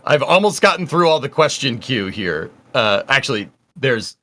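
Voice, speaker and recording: Bright-voiced chatty male stream host. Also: medium pitch, big pitch swings, normal speed. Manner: upbeat, chatty, reading out viewer messages. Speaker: livestream host. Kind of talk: casual livestream commentary.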